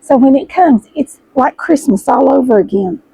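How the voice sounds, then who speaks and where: A middle-aged woman chats warmly to her viewers, gushing as she unboxes fabric. Her voice is high and husky, hoarse and froggy as if she is about to lose it. The sound is close and dry. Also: lively intonation, normal speed, dry recording, poor audio. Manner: chatty, gushing, addresses viewers as y'all. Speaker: sewing vlogger host. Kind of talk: casual chat while unboxing fabric.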